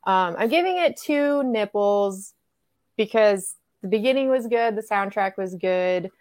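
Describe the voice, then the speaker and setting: A woman's voice: mid-range voice, animated, measured pace, a little mellow, no room sound. A woman co-hosting a casual podcast, giving a movie a blunt score with crude jokes. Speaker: podcast co-host.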